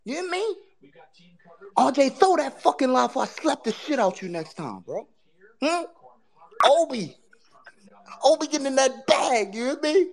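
A woman hosting a sports podcast, ranting in casual talk with profane, taunting trash talk that swings between loud jabs and low mutters. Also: very animated, normal speed, vocal fry, pauses often. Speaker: podcast host.

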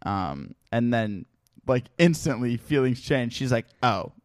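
Young dude rambling thru a story, lots of like and restarts, dry close mic. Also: male voice, medium pitch, animated, unhurried, a little mellow, no echo. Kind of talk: casual chat.

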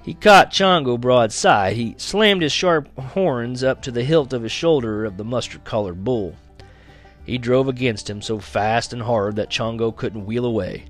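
Male storyteller, mid-pitched, reads with dramatic, lively delivery. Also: faint music behind. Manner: lively, dramatic, slows for action beats. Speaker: audiobook reader. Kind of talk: first-person storytelling reading.

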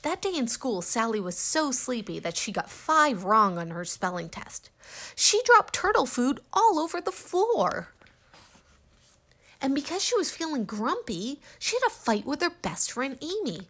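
A woman narrating a children's storybook aloud with gentle, expressive reading. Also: a little high, unhurried.

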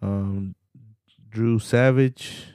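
Speaking extremely slowly in a low, mellow, clean voice with fairly even intonation, a young man rants alone on his podcast. The talk is slangy, profane and rambling, with "man" at the end of almost every line. It's recorded in studio quality, free of echo.

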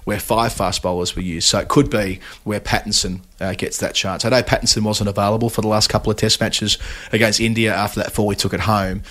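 A man co-hosting a cricket podcast, talking in a measured, analytical way. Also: on the low side, fairly even intonation, a bit bright. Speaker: podcast co-host. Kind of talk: casual cricket chat.

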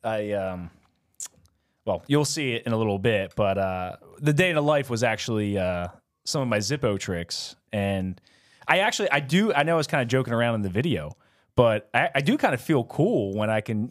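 A man hosting a laid-back podcast in a loose, rambling way, full of stops and restarts. His pitch moves a lot as he jokes at his own expense. His voice sits in the middle of the male range. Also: expressive, moderate pace, no room sound, studio quality. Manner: rambling, self-mocking, fillers and laughs. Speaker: podcast co-host. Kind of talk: casual chat.

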